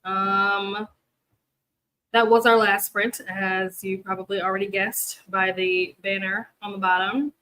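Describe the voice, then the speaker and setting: A woman's voice: medium pitch, little pitch movement, measured pace, sharp tone, poor audio. A tired young woman, hosting a reading livestream, who chats in a rambling way and laughs often. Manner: rambling and chatty, laughs often, many fillers. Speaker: booktube host of reading sprints. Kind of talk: casual livestream chat to viewers.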